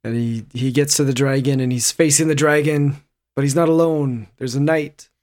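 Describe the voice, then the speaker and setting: A man co-hosting a casual podcast, relaxed and joking. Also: mid-range voice, normal speed. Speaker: podcast co-host.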